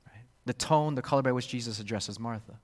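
A man preaching a sermon, expressive and repetitive, acting out the voices he quotes. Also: medium pitch, a little fast, in a large hall. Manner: expressive, acts out quoted voices, repeats words. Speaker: pastor.

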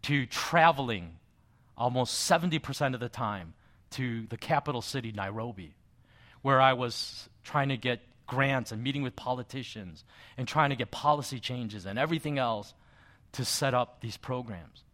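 A middle-aged male pastor preaching a sermon, telling a personal story in a conversational way with soft asides. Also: medium pitch, moderate pace.

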